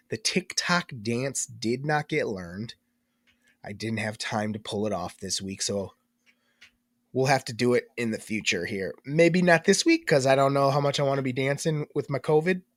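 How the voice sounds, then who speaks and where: Congested man, lively chatty co-host. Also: mid-range voice, no echo, studio quality. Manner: chatty, joking, lively storyteller. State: congested, stuffed-up voice. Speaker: podcast co-host. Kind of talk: casual chat.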